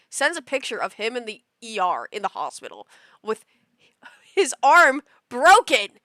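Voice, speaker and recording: A young woman streamer in her twenties tells a story with lively, animated delivery and acts out every quote. Her voice is bright and a little high, and it sits dry and close to the mic. She breaks into sudden loud outbursts. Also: moderate pace, no echo. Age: 20s. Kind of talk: casual storytelling chat.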